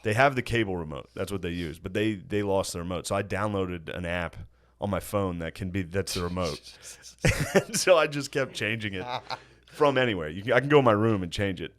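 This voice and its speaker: A man's voice: deep voice, animated, fairly quick, a bit bright. A man in casual podcast chat, telling stories about his family in a profane, laughing way. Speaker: podcast guest.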